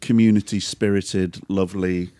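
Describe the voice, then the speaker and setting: A man's voice: low voice, flat delivery, normal speed, warm tone, no room sound. A man co-hosting a podcast, telling stories in casual chat, swearing freely and quoting people a lot. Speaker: podcast co-host.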